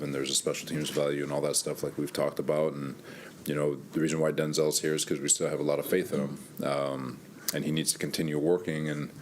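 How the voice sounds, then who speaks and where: A man's voice: very deep voice, slight background noise. A man, a head coach, answering reporters' questions in a candid, conversational way, thinking aloud and a little winded. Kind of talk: press conference answers. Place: press room.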